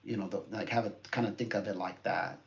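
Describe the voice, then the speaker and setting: A man's voice: low-pitched, steady tone, fast talker, vocal fry. A man giving a psychic reading in a rambling, casual way, with many fillers and frequent laughs. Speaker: psychic reader. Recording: dull lo-fi sound with faint noise.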